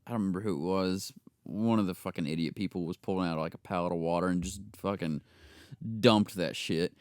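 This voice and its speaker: A man's voice: low-pitched, steady tone, brisk, clear, resonant tone, no room sound, clean studio sound. A young man co-hosting a podcast, telling crude work stories in casual chat, swearing freely and acting out the people in them. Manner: profane storyteller, bursts into loud laughing impressions. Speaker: podcast co-host.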